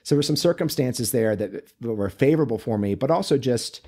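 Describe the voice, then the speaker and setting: A man, a men's coach and author, talking as a podcast guest in a relaxed, chatty way, full of fillers and storytelling. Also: mid-range voice, a little fast. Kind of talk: casual interview conversation.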